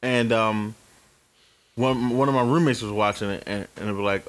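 A man's voice: fairly low pitch, moderate pace. A man in his early forties, co-hosting a casual chat, telling stories with lots of swearing and acting out the dialogue himself. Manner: animated storyteller, swears freely, acts out dialogue. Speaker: podcast co-host.

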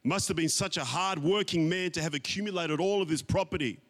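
A man voicing a nurse who speaks in a hushed, amazed tone in a joke told in a sermon. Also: a little high, fairly quick, long reverb tail, pitched below the performer's own voice. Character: astonished hospital nurse, admiring.

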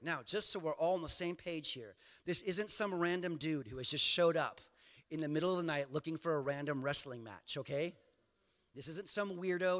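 A male pastor preaching a sermon, moving from quiet storytelling to impassioned, near-shouted exhortation. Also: a little high. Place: church sanctuary. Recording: church hall reverb.

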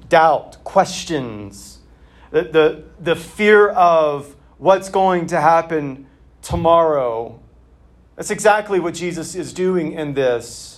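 A man's voice: on the high side, lively intonation, slow. A male pastor giving a conversational sermon in a church, talking plainly with casual fillers.

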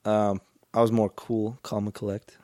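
A young man co-hosting a podcast in casual chat, talking quickly and mumbling a bit, nervous, his voice cracking. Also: fairly low pitch, little pitch movement, darkish tone, no room sound, clean studio sound. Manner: fast, mumbling delivery, self-critical. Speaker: podcast co-host. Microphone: studio microphone.

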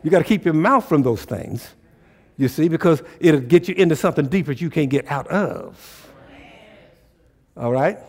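A man preaching to a congregation, calling out questions and waiting for answers. His voice sits fairly high and climbs into loud, urgent pleading. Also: lively intonation, moderate pace. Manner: call-and-response preaching, rising to loud exhortation. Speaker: pastor. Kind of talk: sermon.

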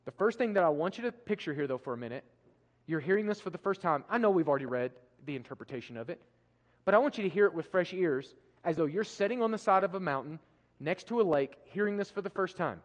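A man preaching a sermon, emphatic, swinging from loud declarations to hushed passages. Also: sits high, expressive, fast, lo-fi sound. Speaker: pastor. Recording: live preaching with long hall reverb.

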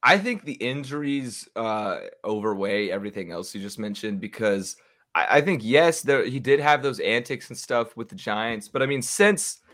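A man's voice: mid-range voice, lively intonation, normal speed, a bit bright. A young man in casual, opinionated sports chat with a friend, swearing freely. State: hiccups.

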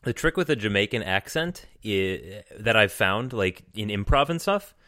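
A man's voice: lowish voice, expressive, moderate pace, sharp tone, dry recording, studio quality. A man co-hosting a cartoon podcast in casual, jokey chat, laughing often. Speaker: podcast co-host.

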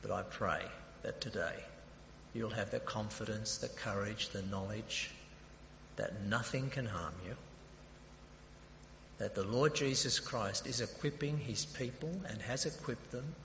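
A man's voice: on the low side, measured pace, gravelly, fairly bright tone. An Australian man preaching a sermon in a conversational, anecdotal way, as principal of a theological college. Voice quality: introverted by nature. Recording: echoey hall with long reverb, faint noise.

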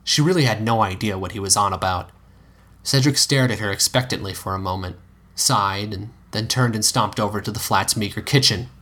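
A man narrating a story in a somewhat low voice, steady and even, now and then stopping to correct a word. It sounds like a hobby reading of fan fiction. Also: brisk.

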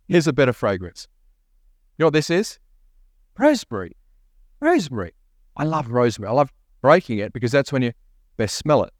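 Pastor preaching a sermon, dry sound. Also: male voice, mid-range voice, dry recording. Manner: preaching with emphatic repeats and rising questions. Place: church.

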